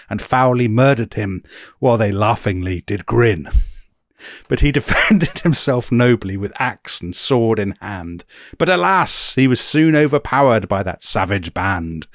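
A man co-hosting a history conversation, reading verse aloud with amusement and often trailing off quietly. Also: medium pitch, no echo, clean studio sound. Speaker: podcast co-host.

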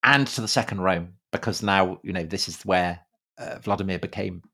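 Halting, low-voiced male podcast host. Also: gravelly, bright, forceful tone. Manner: halting, with frequent fillers and repeated words. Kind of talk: casual conversational history chat.

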